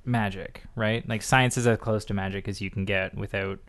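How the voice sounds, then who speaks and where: A man hosting a podcast in casual chat, sarcastic and animated as he tells stories. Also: lowish voice, normal speed, clean tone. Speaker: podcast host.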